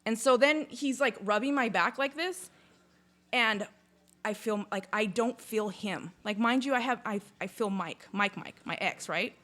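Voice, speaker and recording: A woman in casual conversation, telling a personal story in a lively, chatty way, with lots of "like" and some swearing. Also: on the high side, a little slow. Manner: chatty, full of "like", swears freely; lively retelling, acts out sounds and inner voices. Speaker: podcast guest.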